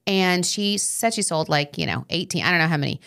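Woman, podcast co-host, casual studio chat, lively storyteller, jumps up high for quoted lines. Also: brisk, vocal fry.

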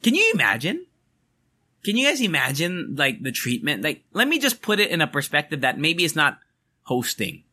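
A young man hosting a podcast, venting in an angry, emphatic rant full of swearing. His voice is very bright and sits a little high. It rises and falls widely as he talks. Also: wildly swooping pitch, moderate pace. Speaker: podcast host. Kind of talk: ranting podcast monologue.

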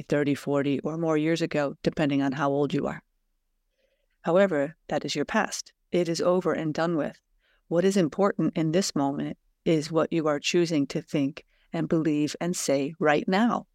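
Woman, podcast host, reflective monologue, earnest, rhetorical questions, gravelly, dry room. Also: low voice, darkish tone, dry recording. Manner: earnest, conversational, poses rhetorical questions to listeners. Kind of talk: reflective solo podcast, reading aloud and musing.

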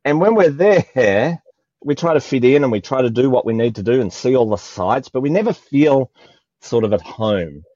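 A man's voice: mid-range voice, lively intonation, moderate pace, mellow, dry recording, lo-fi sound. An Australian man talking emotionally in a spiritual conversation, often searching for words. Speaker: guest.

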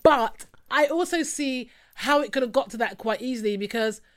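High-voiced chatty woman. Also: normal speed. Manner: animated, swears freely, mimics others. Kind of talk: casual chat.

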